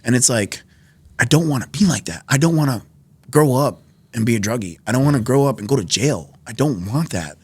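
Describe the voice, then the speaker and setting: A man's voice: medium pitch, animated, a little fast, breathy edge, no room sound. A man in his twenties from New York, a podcast guest telling his life story in casual conversation, acting out quoted dialogue with lots of fillers. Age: 20s. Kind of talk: personal testimony in casual conversation. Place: podcast studio.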